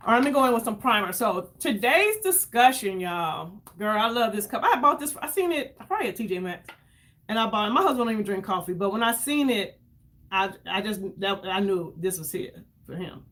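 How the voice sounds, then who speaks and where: A woman's voice: medium pitch, lively intonation, a little fast, a bit bright. Chatty woman in her fifties, livestreaming. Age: 50s. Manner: chatty, effusive, greets viewers by name. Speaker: makeup livestream host. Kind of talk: casual livestream chat while doing makeup.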